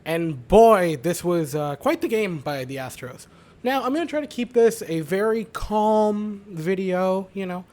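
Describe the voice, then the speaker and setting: A hoarse young man with a raspy, sore-throated voice, recapping a baseball game in a calm, casual way. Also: sits high, unhurried. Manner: aims for calm, mellow delivery. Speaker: fan recapping baseball games.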